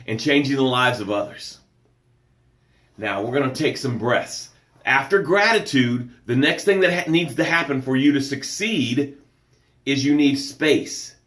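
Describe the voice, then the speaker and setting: A man's voice: fairly high pitch, a bit bright, reverberant. A man hosting a live motivational show, speaking with emphatic, preacher-like energy and greeting viewers by name as he reads their comments. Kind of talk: live-streamed motivational talk.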